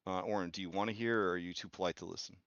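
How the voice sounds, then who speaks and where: A man's voice: deep voice, fairly even intonation, very fast, fairly bright tone, no room sound. A man narrating a tabletop game as game master, hesitant and full of "um" and "like". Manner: hesitant, heavy on "um" and "like". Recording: slightly muffled, faint music behind.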